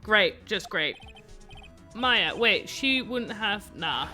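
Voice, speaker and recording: Woman streamer reading game text and chatting with viewers, bright lively voice, faint game music behind. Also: mid-range voice, drawn-out words. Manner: reads dialogue in her own voice, no accents; chatty, reacts aloud to the story.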